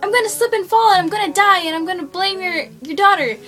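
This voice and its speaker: Girl doing a shrill spiteful neighbor lady. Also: lively intonation, fairly quick, a little mellow. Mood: accusing. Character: angry shrill female neighbor, middle-aged, spiteful. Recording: guitar music playing underneath.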